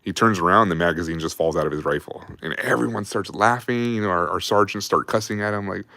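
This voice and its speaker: Low-voiced male host in his thirties, casual, profane, rambling army yarns, dry close sound. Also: fast, gravelly, sharp tone, no echo. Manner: rambling, profane, laughs while telling stories. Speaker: livestream host telling army stories. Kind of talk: casual storytelling on a livestream.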